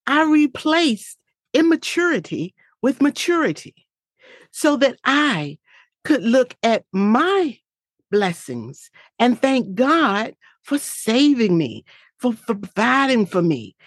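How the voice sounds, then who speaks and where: A woman's voice: a little high, very animated, slow pace, dry recording, clean studio sound. A woman giving a heartfelt, faith-filled motivational talk in an earnest, reflective way.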